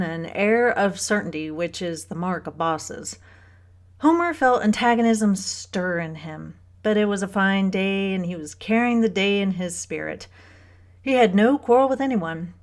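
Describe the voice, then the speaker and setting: An audiobook narrator, a woman with a medium-pitched voice, reads a novel aloud. Her scripted storytelling is measured and even.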